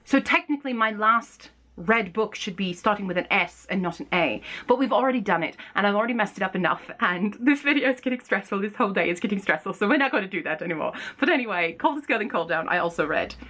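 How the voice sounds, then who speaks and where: Woman book vlogger, casual chat at home, chatty and excitable, laughs easily, swears now and then. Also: medium pitch, fast talker, few pauses. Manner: chatty and excitable, thinks aloud, laughs often; swears casually when frustrated. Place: home room with bookshelves.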